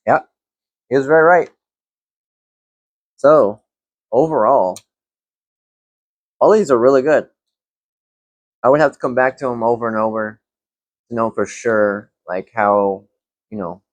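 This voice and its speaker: Relaxed man rambling through a fragrance review. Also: on the low side, no room sound. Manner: relaxed, rambling, filler-heavy. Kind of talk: casual vlog review.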